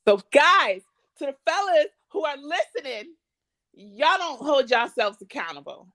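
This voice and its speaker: A blunt, animated woman in her thirties co-hosting a podcast chat, acting out arguments as she goes. Her voice is fairly high and swings widely in pitch. The sound is dry and close. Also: a little slow, no echo. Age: 30s. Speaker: podcast co-host. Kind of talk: casual chat.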